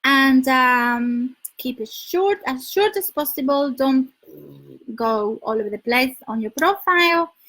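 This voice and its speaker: A chatty woman with a Spanish accent talks casually to her live viewers, laughing often and answering their comments. Her voice sits high for a woman. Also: expressive, a little slow, fairly bright tone, poor audio. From Spain. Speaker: dating advice live streamer. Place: her home in London.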